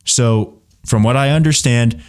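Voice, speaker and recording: A man's voice: medium pitch, measured pace, clean tone. A young man hosting his own show, delivering an explanatory commentary monologue with frequent fillers and restarts. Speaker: show host.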